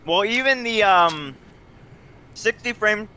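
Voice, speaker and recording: A man's voice: high voice, expressive, slow, pushed and bright, slight background noise. A young man co-commentating a game tournament, hesitant, with lots of fillers. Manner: hesitant, filler-heavy analysis. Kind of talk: casual esports co-commentary. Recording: game music under the voice.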